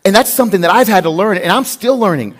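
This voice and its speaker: A man pastor preaching a sermon in an animated way, acting out the prayers he quotes. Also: high voice, fast talker.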